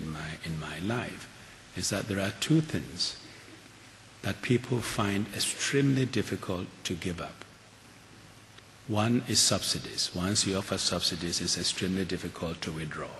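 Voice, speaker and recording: An older man giving a keynote talk and answering audience questions, earnest and measured, with frequent restarts. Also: low-pitched, a bit bright. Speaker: keynote speaker. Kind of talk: lecture and audience Q&A. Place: large auditorium. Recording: hall reverb with faint hiss.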